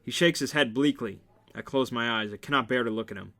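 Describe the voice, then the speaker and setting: A man's voice: mid-range voice, a little fast, sharp tone. A man reading a romance novel aloud in a casual amateur way, with small slips and restarts. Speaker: reader.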